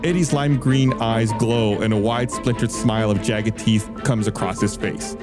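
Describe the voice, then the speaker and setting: Low voiced guy running a tabletop game, describing scenes, loud music playing behind. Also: moderate pace. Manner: descriptive scene-setting narration. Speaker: game master.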